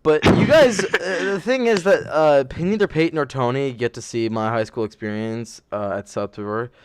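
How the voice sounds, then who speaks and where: A man's voice: mid-range voice, normal speed, clean tone. A young man hosting a podcast, telling stories in a rambling, self-correcting way and laughing as he goes. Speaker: podcast host. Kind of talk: casual storytelling chat.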